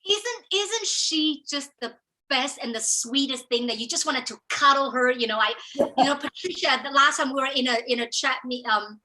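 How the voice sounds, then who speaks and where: Bright, high-voiced woman coaching online. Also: normal speed, poor audio. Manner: enthusiastic, emphatic, with frequent restarts. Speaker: business coach hosting an online training. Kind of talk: motivational online training talk. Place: online video meeting.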